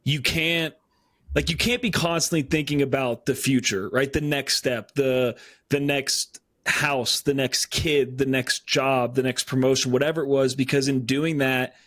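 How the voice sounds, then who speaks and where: A man's voice: medium pitch, steady tone, unhurried, a bit bright, no room sound. A man co-hosting a casual podcast chat, talking earnestly and rambling with many fillers, getting choked up. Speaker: podcast co-host.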